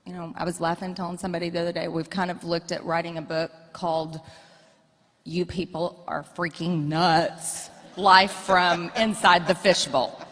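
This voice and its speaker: A woman's voice: lowish voice, little pitch movement, moderate pace, a bit bright. A woman in her forties telling frank, joking stories about her family and her coach husband to an audience. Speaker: coach's wife, guest. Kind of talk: candid storytelling to an audience. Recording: echoey hall.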